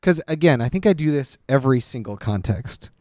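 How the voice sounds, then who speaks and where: A man co-hosting a casual movie podcast, animated and laughing, jumping high in pitch when joking. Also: fairly quick, dry recording, studio quality. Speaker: podcast co-host.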